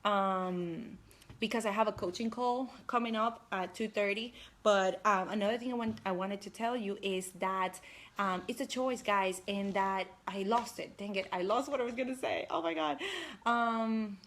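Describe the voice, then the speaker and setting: Speaking straight to her live-stream audience, this young woman coach gives an upbeat, talkative pep talk in a mid-range voice at a moderate pace.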